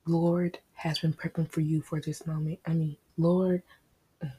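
Young woman, AAVE, casual cussing podcast host, dark relaxed tone, unhurried. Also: deep voice, husky, no room sound. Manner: loose, joking, cusses and laughs. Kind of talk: casual solo podcast chat.

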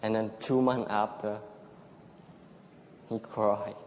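A man from Thailand with a Thai accent, giving a personal testimony in halting, simple phrases with short repeated sentences. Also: on the low side, level tone, a little mellow. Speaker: church member giving testimony. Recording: echoey hall, dull lo-fi sound, faint background noise.

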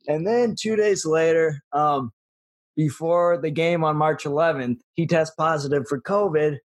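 A man's voice: on the high side, steady tone, moderate pace. A young man co-hosting a casual podcast, telling a story with hesitations, restarts and frequent laughter. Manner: hesitant, self-correcting, laughs often. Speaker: podcast co-host. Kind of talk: casual chat.

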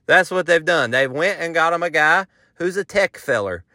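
A man's voice: on the high side, lively intonation, moderate pace, sharp tone, dry recording, clean studio sound. A man with a Southern US accent, hosting a podcast and telling a joking, folksy tall tale in a casual storytelling style. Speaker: podcast host, country musician.

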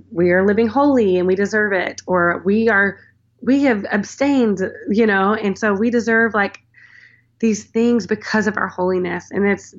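A woman in her thirties talking earnestly about her faith as a guest, rambling a little and saying "like" often. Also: mid-range voice. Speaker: podcast guest. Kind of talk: casual faith conversation. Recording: slightly dull lo-fi sound.

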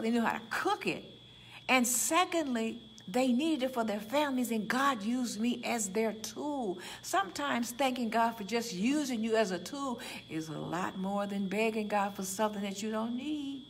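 A woman's voice: on the high side, vocal fry, a little hiss or hum. Woman pastor, Chicago accent, conversational sermon with acted-out asides, faint ambience behind. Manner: lively, conversational, acts out prayers and dialogue.

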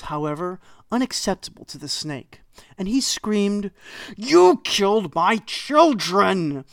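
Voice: mid-range voice, dry recording. Wry storyteller with a dry close voice. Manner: wry, dry humor and asides. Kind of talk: storytelling narration of an old myth.

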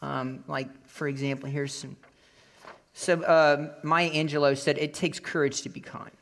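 A male pastor delivering a sermon, telling a personal story with animated acted-out voices. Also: fairly high pitch, measured pace, gravelly. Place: Florida.

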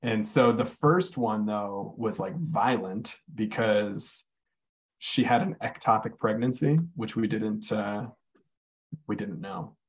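Male guest, conversational storyteller, blunt and unpolished, slows down for weight. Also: lowish voice. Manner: candid, swears freely, many "like" fillers. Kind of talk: casual storytelling chat.

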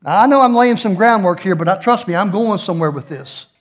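A man's voice: high voice, expressive, fast. A middle-aged man, preaching a sermon as pastor in a folksy, joking way with playful asides.

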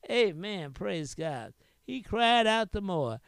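A man pastor preaching a sermon. He drops in amens and hallelujahs all the way through and chants with a breathy "huh" after each phrase. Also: high voice, sing-song, takes it slowly, fairly bright tone, dry recording, clean studio sound. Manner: frequent interjected amens and hallelujahs.

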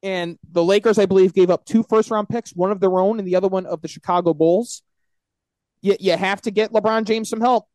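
A man's voice: sits high, steady tone, a little fast, a little mellow, dry recording. A man co-hosting a sports podcast, talking stats and trades in loose, profane banter. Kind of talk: casual sports chat.

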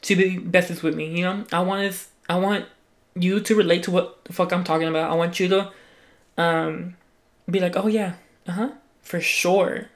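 A young adult's medium-pitched, level voice carries a solo podcast at normal speed, spoken into a mic. It's casual chatter that rambles, restarts frequently, and is laced with constant swearing.

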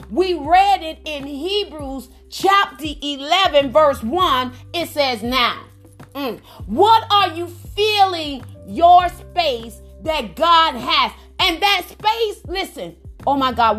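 A woman's voice: high-pitched, fairly bright tone. A woman minister preaching fervently on a prayer line, exclaiming often and repeating phrases for emphasis. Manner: calls on listeners by name for responses. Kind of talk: preaching sermon.

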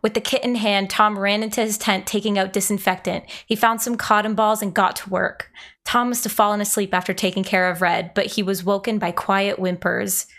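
A woman's voice: mid-range voice, brisk. A young woman hosting and reading a fan story aloud to friends, laughing often between passages. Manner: giggly, animated reader. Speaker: host.

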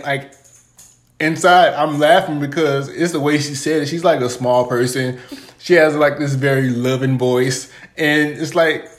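A man co-hosting a podcast, telling relaxed rambling stories about his partner with lots of filler words. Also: a little high. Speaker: podcast co-host. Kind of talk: casual podcast chat.

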